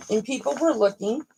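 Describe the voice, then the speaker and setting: A woman's voice: a little high, vocal fry, mellow, slight background noise. A middle-aged woman hosting a casual live stream, talking frankly and motherly to her viewers and swearing freely.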